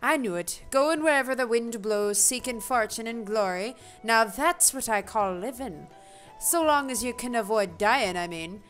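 A woman's voice: on the high side, fairly bright tone, soft background music, voice pushed up, lightly acted. A woman putting on a chatty old sea peddler. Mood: folksy. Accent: attempted British. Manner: reading the lines aloud with a halting put-on accent. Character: grizzled male peddler on a ship, chatty.

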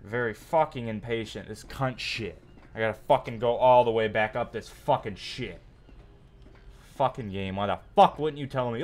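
A man's voice: medium pitch, normal speed. Foul-mouthed young male game streamer. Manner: profane, irritable ranting. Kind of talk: live gameplay commentary. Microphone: desk mic with facecam.

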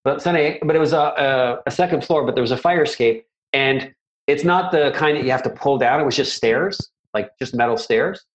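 A man's voice: mid-range voice, fairly quick, dull audio. A middle-aged man, a martial arts instructor, telling stories in a casual interview, rambling and self-deprecating with many restarts.

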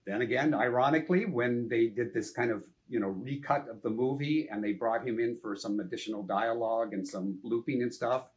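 Animated older man telling film-set stories. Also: mid-range voice, brisk, hardly any pauses. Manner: animated, anecdotal, frequent "you know", some swearing. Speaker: film director, interview guest. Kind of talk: casual interview storytelling.

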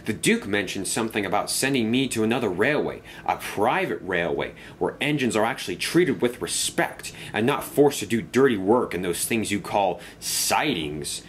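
A man's voice: on the low side, expressive, normal speed, few pauses, slight background noise, natural voice. A man voicing a proud, rude male express engine who talks in a snooty, cross way. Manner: snooty, cross and self-important.

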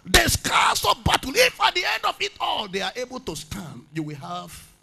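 Pastor preaching at a camp meeting, high, animated pitch, bright gravelly voice, shouts and chants his lines. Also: moderate pace, soft background music. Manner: preaching in rising shouts and chanted phrases, praying in tongues. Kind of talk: sermon.

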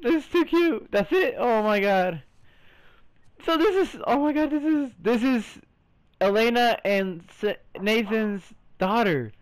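A man streaming a story game, reacting excitably, exclaiming, swearing and calling the viewer "bro" all the time. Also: high voice, slow pace. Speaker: gaming streamer. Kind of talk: let's play commentary.

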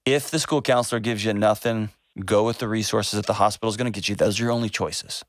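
A man's voice: lowish voice, fairly even intonation, quick pace, no echo. Male call-in host, emphatic and earnest, repeats lines for weight, dry close sound. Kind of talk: call-in advice talk.

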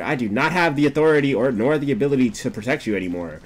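A young man streaming a game, chatting casually, swearing often and breaking into laughter and excited outbursts. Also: medium pitch, quick pace. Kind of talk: casual gameplay commentary.

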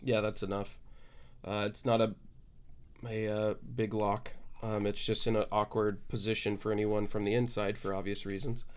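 A man narrating as game master, halting and full of fillers. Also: lowish voice, flat delivery, clear, resonant tone.

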